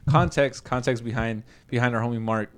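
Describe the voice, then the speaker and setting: A man's voice: medium pitch, fairly quick. A young man animatedly telling stories and swearing in casual podcast chat. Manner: animated, profane storyteller. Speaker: podcast co-host.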